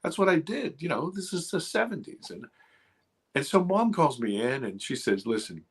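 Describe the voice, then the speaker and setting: Husky middle-aged guy spinning a dramatic story, voice drops low then jumps up, lots of restarts. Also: big pitch swings, moderate pace. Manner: dramatic, swings from loud to hushed, many restarts. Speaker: guest filmmaker. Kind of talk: animated storytelling.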